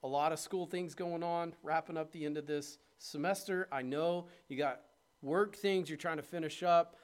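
A man's voice: fairly high pitch, steady tone, normal speed, smooth. A man preaching a sermon in a conversational way, building to emphatic peaks. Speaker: pastor.

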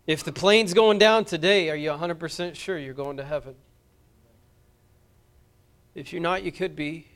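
A man's voice: on the high side, moderate pace, long pauses, a bit bright. A man preaching a sermon as pastor, earnest and impassioned, appealing directly to his congregation.

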